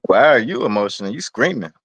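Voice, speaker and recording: A man's voice: mid-range voice, expressive, quick pace, husky, no echo. A man hosting a livestream, defensive and exasperated, swearing through heated banter.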